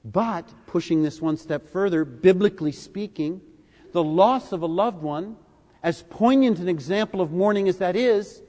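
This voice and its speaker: An older man with a high-pitched voice delivers a sermon, slow and emphatic, his loudness rising and falling for stress. His voice carries with a long echo through a hall. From United States. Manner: deliberate and emphatic, with big swings in loudness. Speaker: preacher. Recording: echoey hall.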